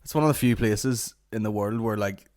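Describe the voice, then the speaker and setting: A man hosting a comedy podcast, telling stories in a rambling, profane, deadpan way. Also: on the low side, a little fast, no echo, clean studio sound. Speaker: podcast host. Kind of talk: comic podcast rant.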